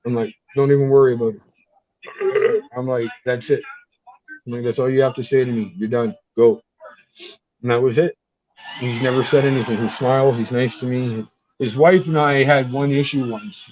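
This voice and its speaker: A man talks casually on a video call, telling lively stories and cursing freely. His voice sits mid-range. The call audio is muffled and lo-fi. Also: medium pitch, brisk, a little hiss or hum. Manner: animated storytelling, swears casually.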